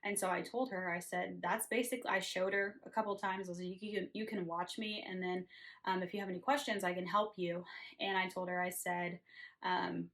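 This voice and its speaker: A woman's voice: fairly low pitch, steady tone, fairly quick, fairly bright tone. A woman nurse telling a work story in an earnest, chatty way, with many fillers and restarts. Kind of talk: casual storytelling to camera.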